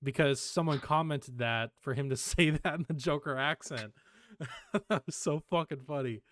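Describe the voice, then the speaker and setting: A man's voice: fairly high pitch, moderate pace, a bit bright, no echo. A young man co-hosting a casual podcast, laid-back and laughing often as he plays clips. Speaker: podcast co-host.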